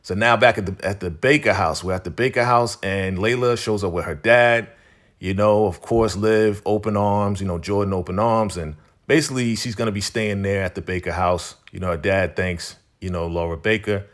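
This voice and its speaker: Casual man recapping, lowish voice. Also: normal speed, a bit bright. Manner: conversational, repeats phrases, leans on "you know". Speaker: TV episode recap host. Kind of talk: casual spoken recap narration.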